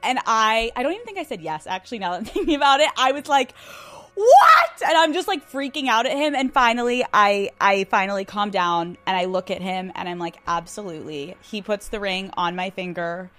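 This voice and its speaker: A young woman from Pennsylvania hosting a podcast, telling a personal story in a casual, excitable way, swearing freely and saying "like" a lot. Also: mid-range voice, brisk, few pauses, soft background music. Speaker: podcast host.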